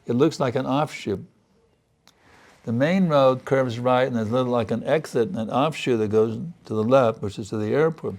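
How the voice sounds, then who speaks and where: A man's voice: medium pitch, moderate pace, a little mellow. A man giving a spiritual sermon, telling a story and acting out earnest, pleading prayers. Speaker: spiritual teacher.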